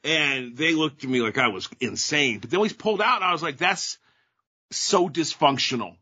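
Middle-aged male podcast co-host, bright and husky, rambling casual chat, dull lo-fi audio. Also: a little high, big pitch swings, a little fast. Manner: rambling, with many fillers.

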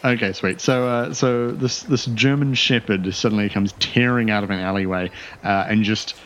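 A man's voice: fairly low pitch, steady tone, normal speed, dull audio, noisy background. A man narrating a tabletop game as game master, in a loose, rambling way full of fillers.

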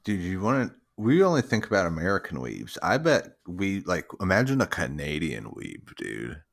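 A man in his thirties with a very deep, low voice, chatting on a podcast. He jokes with a straight face and drops "dude" into almost every thought. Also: moderate pace, vocal fry. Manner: deadpan joking, peppers talk with "dude". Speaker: podcast co-host. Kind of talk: casual chat.

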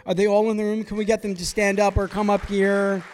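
A comedian from Brooklyn, New York, hosting a storytelling show, with a conversational, filler-heavy delivery. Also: male voice, high voice, flat delivery, brisk, a little mellow, in a large hall, a little hiss or hum. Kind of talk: live stand-up storytelling. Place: theater stage before a live audience.

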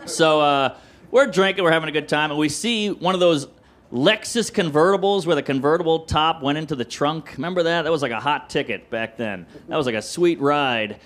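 A middle-aged man from the New Orleans area, telling a rowdy, profane story on a podcast, acting out voices and yelling. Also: a little high, a little fast. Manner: excitable, profane, acts out voices and yells. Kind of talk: animated comedic storytelling. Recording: noisy background hiss.

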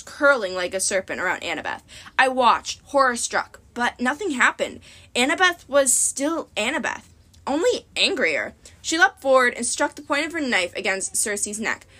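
Woman reading a story out loud, kinda high voice, very expressive. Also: moderate pace. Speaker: audiobook reader. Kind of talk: audiobook narration.

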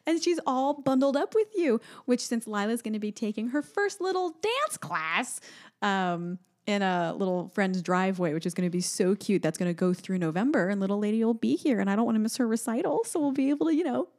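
A woman's voice: mid-range voice, expressive, brisk, darkish tone. A woman co-hosting a casual chat, telling family stories with frequent laughs. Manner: chatty storyteller, laughs often. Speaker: podcast co-host.

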